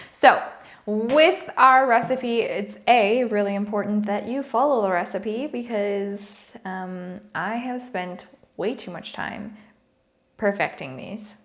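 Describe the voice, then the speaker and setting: A woman's voice: medium pitch, reverberant. A young adult woman chatting casually as a baking vlogger in her home kitchen, bubbly and playful. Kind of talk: casual chat.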